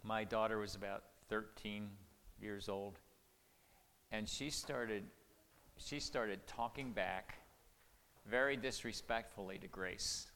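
A middle-aged man preaching, telling family stories in an earnest, folksy way and going soft and quiet when quoting his own words. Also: on the low side, slow, vocal fry, long pauses. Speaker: pastor or marriage speaker. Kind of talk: sermon with personal stories. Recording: reverberant hall, faint noise.

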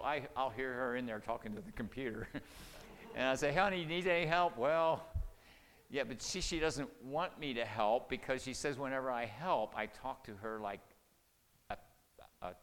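A man's voice: mid-range voice, normal speed, fairly bright tone. An older man giving a folksy, conversational sermon, chuckling and acting out quoted lines. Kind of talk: sermon on marriage communication. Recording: long hall reverb.

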